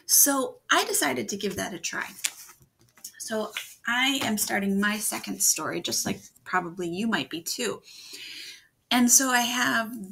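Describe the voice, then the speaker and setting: A woman teaching children to write fairy tales in a video lesson. She talks gently and encouragingly, and thinks out loud. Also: medium pitch, animated, measured pace, vocal fry, a little hiss or hum. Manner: thinks aloud, gentle and encouraging, with frequent restarts. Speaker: writing teacher.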